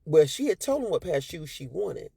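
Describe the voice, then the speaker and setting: A woman's voice: big pitch swings, a little fast, creaky, warm tone, husky, dry recording. A woman, telling a personal story to her followers in a sassy, emphatic way and acting out what people said. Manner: sassy, emphatic, acts out quotes with big pitch jumps.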